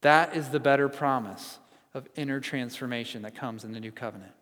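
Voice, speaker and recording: A man's voice: medium pitch, a little fast, a bit bright. Earnest male pastor preaching in a hall. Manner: earnest, building to emphatic repetition. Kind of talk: sermon.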